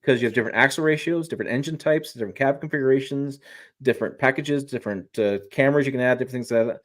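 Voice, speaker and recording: Appearing as a journalist guest on a casual live-stream chat, a man talks about trucks in an emphatic, rambling way, often restarting his sentences. His mid-range voice races along.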